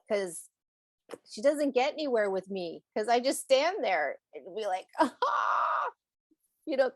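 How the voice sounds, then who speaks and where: This is a woman talking in a loose, rambling chat, often breaking into laughter. Her voice sits at an ordinary pitch, and the sound is dry and close with no room behind it. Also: no echo. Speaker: animal communicator. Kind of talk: casual chat on a podcast.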